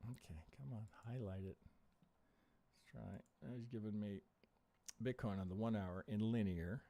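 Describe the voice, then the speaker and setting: A man's voice: fairly low pitch, measured pace, creaky, dark tone. A man hosting a live stream chart review, thinking aloud with rhetorical questions and swearing under his breath in frustration. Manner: frustrated, swearing, muttering to himself. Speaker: trading analyst and live stream host.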